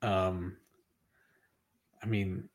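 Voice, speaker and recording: Podcast guest co-host, male, thirties, rambling and casual, low-pitched. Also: flat delivery, drawn-out words. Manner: rambling storyteller, many fillers and restarts.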